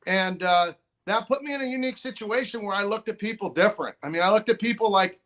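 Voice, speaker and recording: A man's voice: high voice, fast talker. A middle-aged man telling a long story as a podcast guest, rambling with restarts and acting out other people's lines. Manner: rambling, restarts, quotes others in lively voices. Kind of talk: casual storytelling.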